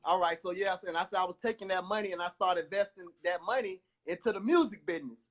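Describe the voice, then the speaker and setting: A man giving an emotional testimony over his phone, retelling events in an animated way with lots of repeated words and restarts. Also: high voice, quick pace. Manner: repetitive, animated storytelling with many restarts. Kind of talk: emotional life-story testimony.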